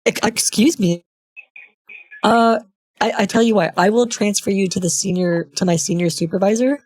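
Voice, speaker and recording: A man voicing a husky, overly polite customer service woman. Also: sits high, moderate pace, no room sound, pitched above the performer's own voice. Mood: cheery stalling. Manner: overly polite, stalling, feigns not hearing. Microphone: headset.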